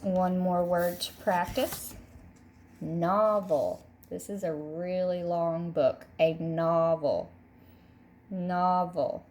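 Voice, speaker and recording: Slow, patient woman teaching phonics. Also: on the low side, fairly even intonation, a little mellow, a little hiss or hum. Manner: slow, patient, repeats each word twice. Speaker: third grade teacher. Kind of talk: recorded classroom phonics lesson.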